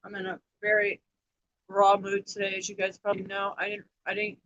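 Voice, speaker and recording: A woman's voice: medium pitch, monotone, fairly quick, fairly bright tone, no echo, highs cut off. An emotional woman in her thirties, rambling on a personal livestream about her family, upset and close to tears. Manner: rambling, emotional, repeats herself. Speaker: livestream host.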